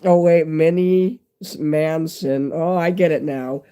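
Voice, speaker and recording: A man in his fifties with a hoarse, fading voice and a stuffy nose, rambling candidly to his viewers in a casual live-stream chat. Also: on the high side, steady tone, takes it slowly, noisy background. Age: 50s.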